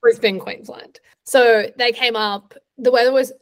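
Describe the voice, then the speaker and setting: A woman's voice: a little high, fairly even intonation, measured pace. A woman co-hosting a podcast, telling stories in an upbeat, chatty way. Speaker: podcast co-host. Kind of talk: casual chat.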